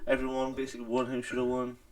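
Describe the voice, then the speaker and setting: A man's voice: mid-range voice, completely flat delivery, rapid-fire. A man from North East England, co-hosting a podcast in casual, sweary banter. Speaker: podcast co-host. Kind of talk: casual chat.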